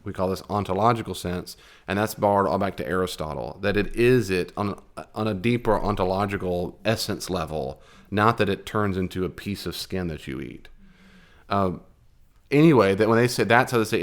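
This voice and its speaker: A man's voice: low-pitched, a little fast. A man teaching a Bible lesson in a conversational, digressive way, with emphatic asides.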